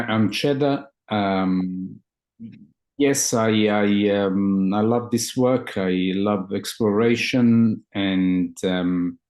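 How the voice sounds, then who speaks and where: A man speaking as a guest therapist, explaining his field in a thoughtful, halting way and often restarting his words. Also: fairly low pitch, darkish tone. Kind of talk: conversational explanation.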